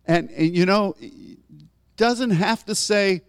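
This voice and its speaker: A man's voice: slow, clean tone, no echo. Guy preaching casually, talks like he's chatting, voice jumps up when he gets going, dry close sound. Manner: conversational, animated, rises in pitch for emphasis. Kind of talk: sermon.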